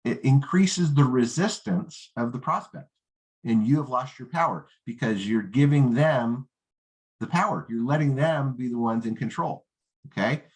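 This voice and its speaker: A man teaching a network marketing lesson, confident, often checking in with "right?" and "okay?". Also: moderate pace. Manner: confident, acts out rookie and prospect lines in higher voice; peppers talk with "right?" and "okay?". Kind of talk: coaching lesson.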